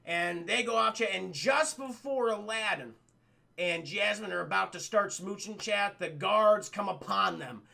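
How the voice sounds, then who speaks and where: Gravelly, bright-voiced man recapping a film. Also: sits high, unhurried. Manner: loose, profane, rambling storytelling. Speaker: streamer and film reviewer. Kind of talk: casual film recap talking to chat.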